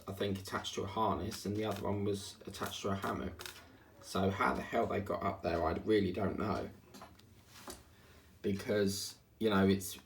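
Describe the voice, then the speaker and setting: A man chatting casually and grumbling in asides while working on a diamond painting at home. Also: fairly low pitch. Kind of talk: casual chat while crafting. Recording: distant mic, faint background hiss.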